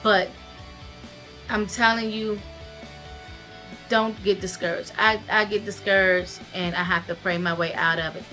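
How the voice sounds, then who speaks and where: A woman's voice: medium pitch, unhurried, long pauses, soft background music. A woman vlogger earnestly recounting her surgery recovery and giving direct, heartfelt advice in a casual to-camera talk. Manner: earnest and expressive, retells events with emotion and direct advice. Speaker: vlogger sharing her weight-loss surgery experience.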